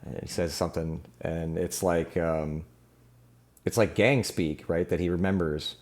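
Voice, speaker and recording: A man's voice: low-pitched, steady tone, measured pace. A man narrating as game master of a tabletop game, rambling loosely with plenty of fillers.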